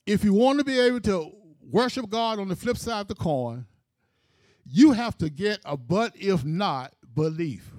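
A man's voice: high-pitched, lively intonation, unhurried, darkish tone, no room sound, clean studio sound. A man preaching a sermon, telling a scripture story with emphatic, rhythmic phrasing.

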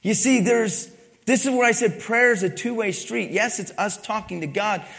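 A man's voice: high-pitched, normal speed, creaky, fairly bright tone. A man preaching a sermon, asking the congregation questions and pressing his points with emphasis. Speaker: pastor. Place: church. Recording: long reverb of a church hall.

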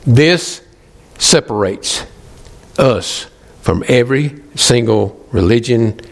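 A male pastor, preaching emphatically, slowing and pausing for stress. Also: medium pitch, lively intonation, creaky. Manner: emphatic, pleading with pauses. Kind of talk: sermon.

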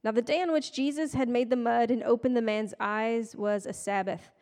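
A woman's voice: a little high, fairly even intonation, moderate pace, a little mellow. A woman giving a casual, conversational sermon with playful, self-deprecating asides. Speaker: preacher. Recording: long hall reverb.

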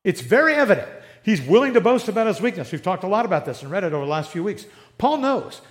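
A man teaching a Bible passage in a relaxed, conversational sermon, with informal joking asides. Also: high-pitched, quick pace. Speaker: preacher teaching a Bible class.

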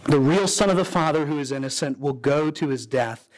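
A man preaching a sermon as pastor, telling a story dramatically with sudden rises and drops in his voice. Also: a little fast. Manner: dramatic storytelling preacher, voicing characters with pitch swings.

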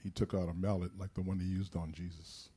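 A man's voice: deep voice, little pitch movement, a little fast, warm tone, husky. A man giving an earnest personal testimony in a church service before a worship song. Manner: earnest storytelling, exhorting.

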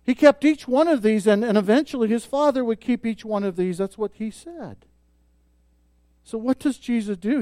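A man preaching a sermon as pastor, emphatic, swelling loud on key points and dropping soft. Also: sits high, animated, normal speed, no echo.

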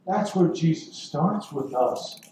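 Man pastor preaching real slow, kinda high voice, far from the mic, big echo. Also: lively intonation, mellow, slight background noise. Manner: earnest, slow and deliberate preaching with dramatic pauses. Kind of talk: sermon. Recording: echoey room from far off.

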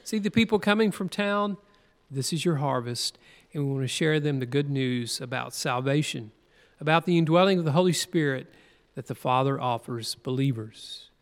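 A man's voice: medium pitch, normal speed. A man preaching a sermon, reading scripture aloud with earnest emphasis and stretching key words. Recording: long hall reverb.

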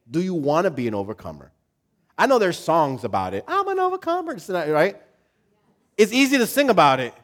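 A male pastor giving a casual, humorous sermon with dramatic swings between loud and soft. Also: on the high side.

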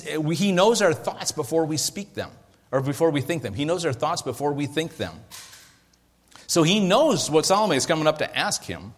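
A man preaching a sermon as pastor, in a lively, conversational way with jokes and asides. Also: on the high side. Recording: echoey hall with long reverb.

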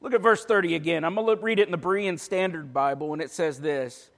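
Male pastor with a high voice, delivering a sermon with humor and rising force; reverberant church sound. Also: quick pace. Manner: joking asides that build to forceful preaching.

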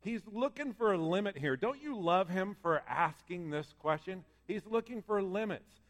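A man's voice: high-pitched, animated, normal speed, a bit bright. Man preaching in a reverberant hall. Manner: earnest, conversational preaching, reads scripture aloud. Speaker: pastor. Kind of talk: sermon.

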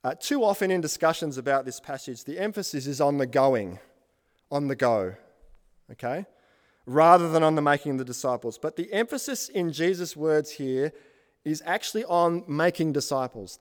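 A man's voice: a little high, long reverb tail. A man preaching a sermon as pastor, building emphatic lists and asking the congregation questions.

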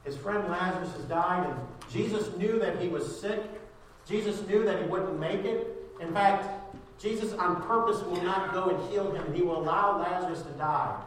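A male pastor preaching a sermon with fervor, often raising his voice at the high points. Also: moderate pace, a bit bright, a little hiss or hum. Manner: fervent, rising to raised voice at climaxes. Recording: echoey room heard from a distance.

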